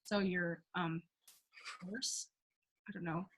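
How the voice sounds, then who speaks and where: A woman's voice: fairly low pitch, steady tone, takes it slowly, noisy background. A young woman casually leading a singing class, chatty and giggly, with lots of ums and likes and short sung demonstrations. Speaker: singing workshop leader.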